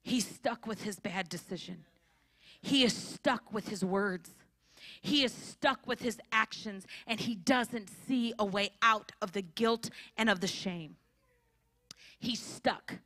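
A woman giving a storytelling sermon at a church conference, animated and acting out the people in her story. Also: on the high side, no echo. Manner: animated, acts out characters' voices. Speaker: conference speaker. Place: church hall.

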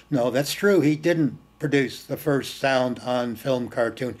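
A man's voice: mid-range voice, fairly even intonation, unhurried, hardly any pauses. A man hosting film screenings tells stories informally and with animation, repeating words for emphasis and slipping in blunt, earthy remarks. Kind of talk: informal storytelling talk.

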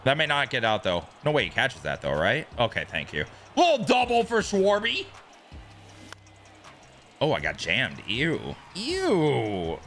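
A young man streaming a baseball video game, commenting casually, swearing and yelling at big plays. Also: on the low side, moderate pace, hardly any pauses, soft background music. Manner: excitable, yells at big plays, swears, talks to chat. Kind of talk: live gameplay commentary.

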